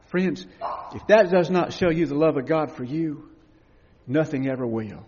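A man preaching with passion, swinging from loud cries down to hushed, tender lines. His voice sits a little high and sounds husky. The recording is dull and lo-fi, with a long reverb tail from a large church. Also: moderate pace. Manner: impassioned preaching, swelling to loud cries and dropping to hushed tones. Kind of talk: sermon.

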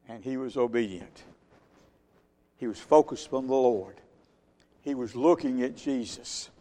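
A man preaching a sermon with emphatic delivery, rising loud and dropping soft. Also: mid-range voice, unhurried. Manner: emphatic, swinging between loud and quiet. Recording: long hall reverb.

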